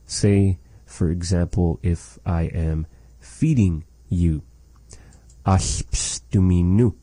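A man teaching a language lesson, saying phrases slowly and carefully and repeating them for learners. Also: deep voice, fairly even intonation, mellow, no echo.

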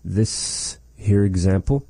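Slow, patient man teaching words. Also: lowish voice, dark tone, husky, no echo, rough recording. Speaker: language teacher. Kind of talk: teaching an Indigenous language lesson.

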